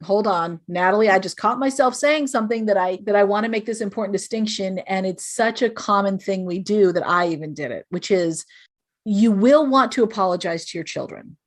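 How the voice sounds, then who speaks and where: A woman's voice: medium pitch, fairly quick. A woman speaking as a podcast guest, giving earnest, explanatory parenting advice and acting out sample phrases parents might say. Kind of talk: podcast interview.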